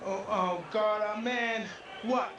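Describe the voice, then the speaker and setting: A man's voice: high-pitched, steady tone, slow pace, muffled recording. Fighter guy going off after a bout, boastful and fierce, echoey far-off playback, crowd roaring. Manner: boastful, fierce, rambling tirade. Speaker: boxer in post-fight interview. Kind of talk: post-fight ringside rant. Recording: archive clip played back, echoey, crowd behind. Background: arena crowd.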